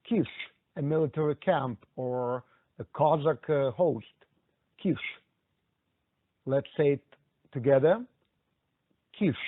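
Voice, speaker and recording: Guy teaching a language super slowly, repeats every word, sounds like a phone line. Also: mid-range voice, husky. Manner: patient, repeats each word and prompts the learner to echo. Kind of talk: slow, drilled pronunciation lesson. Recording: dry, phone-like thin sound.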